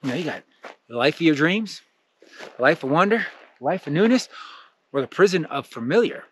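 A wheedling demon of doubt that leans in and insinuates worry with a husky edge. A man puts it on while telling a story, keeping close to his own voice. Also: a little high, sing-song, brisk. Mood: coaxing. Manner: coaxing, insinuating.

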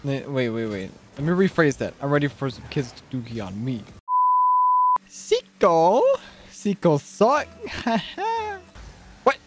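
A young man streaming a car-soccer game, joking and trash-talking, then shouting and squealing at big plays. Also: medium pitch, big pitch swings, measured pace, background noise. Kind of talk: live gaming commentary.

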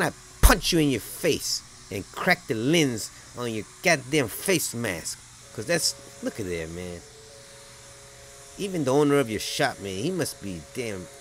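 A man's voice: on the high side, fairly bright tone, slight background noise, voice pushed up. A man voicing an irate male viewer who heckles a painter with swearing and mock outrage.

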